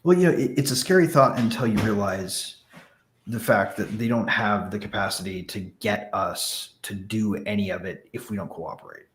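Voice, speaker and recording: A man's voice: lowish voice, moderate pace, echoey room, a little hiss or hum. A man talking on a podcast panel in a blunt, emphatic way, swearing freely. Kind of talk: casual panel chat.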